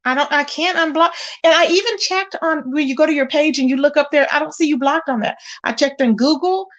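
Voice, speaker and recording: A woman's voice: sits high, brisk, lo-fi sound. Chatty woman hosting a live gossip stream. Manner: chatty, addresses viewers directly, exclaims often. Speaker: livestream gossip host. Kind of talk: casual live-chat commentary.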